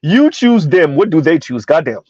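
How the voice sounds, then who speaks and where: A man's voice: on the high side, big pitch swings, moderate pace, a little mellow, breathy edge, no room sound, highs cut off. A man doing casual, rambling commentary on a live stream, reading out chat messages as he goes. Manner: rambling, conversational, reads chat aloud.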